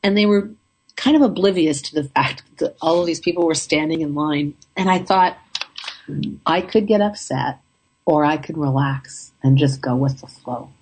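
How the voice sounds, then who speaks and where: A woman casually telling a travel story in an upbeat, chatty way, her throat a little rough. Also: low voice, normal speed, a little mellow.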